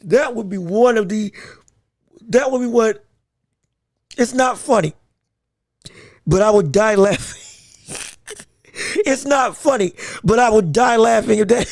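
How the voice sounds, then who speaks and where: A man hosting a casual boxing podcast. He talks in an animated way, laughs a lot and often repeats his words. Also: very high voice, dry recording, studio quality. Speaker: podcast host.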